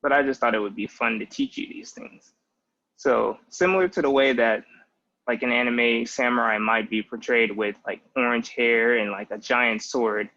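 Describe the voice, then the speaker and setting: A man's voice: medium pitch, a bit bright, dull audio. A young man in his twenties giving a patient, casual language lesson with many "like" fillers. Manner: patient, explanatory, with frequent "like" fillers. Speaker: language teacher.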